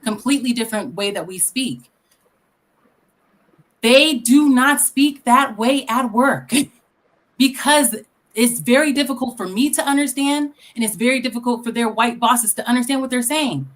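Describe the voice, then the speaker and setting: Woman from Iowa, fairly high voice, lays out her argument patiently with family examples. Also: normal speed. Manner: explains at length with personal examples. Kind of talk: casual live-stream debate.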